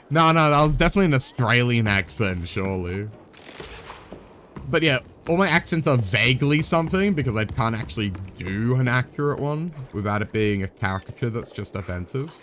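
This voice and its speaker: A man's voice: mid-range voice, lively intonation, fairly quick, fairly bright tone, a little hiss or hum. A man streaming a game live, chatting casually in a rambling, joking way with some swearing.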